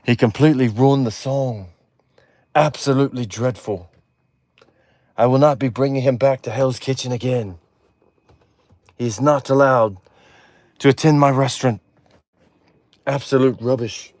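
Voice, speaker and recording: A man's voice: medium pitch, measured pace, pauses often, a little mellow, no room sound, lightly acted. A man doing a scathing British chef. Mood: scornful. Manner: blunt, contemptuous put-downs in a put-on British accent. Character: furious British male celebrity chef, scathing.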